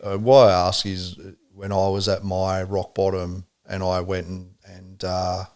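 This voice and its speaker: Deep, flat-voiced host. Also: male voice, measured pace. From Australia. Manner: calm, sympathetic questioning. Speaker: podcast host. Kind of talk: casual interview talk.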